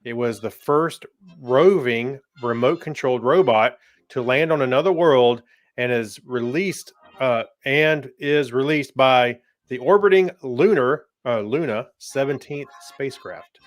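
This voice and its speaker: A man co-hosting a casual podcast, easygoing and quick to laugh as he reads history notes. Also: mid-range voice, dry recording, clean studio sound. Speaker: podcast co-host.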